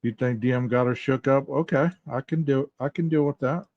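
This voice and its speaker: A man's voice: mid-range voice, steady tone, a little fast, no echo, muffled recording. A man hosting a casual commentary podcast, asking his listeners rhetorical questions directly. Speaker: podcast host.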